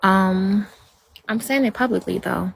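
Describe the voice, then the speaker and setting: A woman chatting casually on a livestream, rambling and soft-spoken as she answers viewers' comments. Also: mid-range voice, unhurried, gravelly, a little hiss or hum.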